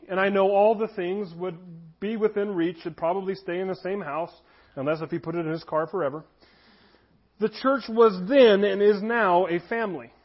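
A man in his thirties delivers a sermon in an easy, conversational way. His voice sits high for a man. The recording sounds dull and lo-fi. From United States. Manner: conversational preaching, shifts into voiced anecdotes. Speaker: pastor. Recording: dull lo-fi audio.

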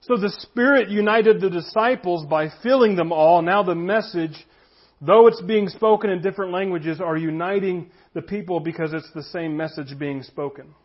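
A man's voice: high-pitched, normal speed, muffled recording. A pastor preaching a conversational sermon, reading scripture aloud and telling stories to his congregation. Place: church room with congregation.

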